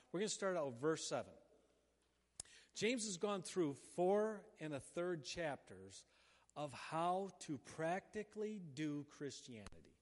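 A middle-aged male pastor preaching in a loose, conversational way, slipping into quick acted-out prayers. His voice sits a little high for a man. A long hall reverb trails behind him. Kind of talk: sermon.

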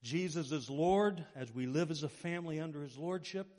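A fairly high-pitched male pastor preaches at a moderate pace, his words carried by a long reverb tail. He brings his stories to life, giving voice to the people in them.

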